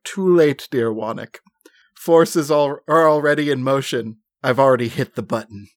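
A man's voice: mid-range voice, normal speed, dry recording, studio quality, natural voice. A man voicing a dying, grandiose villainous male scientist in a theatrical monologue.

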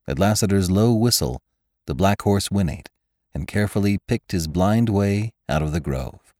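A man narrating a classic western novel in a measured, even storytelling manner. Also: low-pitched, no room sound, clean studio sound. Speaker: audiobook narrator.

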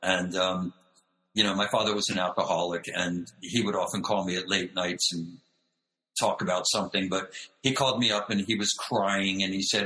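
Animated male storyteller on a video call. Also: on the low side, normal speed, roomy sound, rough recording. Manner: animated storyteller, acts out quoted voices. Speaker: director and choreographer guest. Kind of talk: storytelling interview.

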